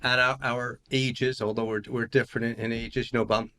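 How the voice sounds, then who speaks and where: A man's voice: mid-range voice, little pitch movement, brisk, pushed and bright. Easygoing man in his sixties hosting a podcast. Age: 60s. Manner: easygoing, steering the talk with questions. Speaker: podcast host. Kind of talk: casual interview chat.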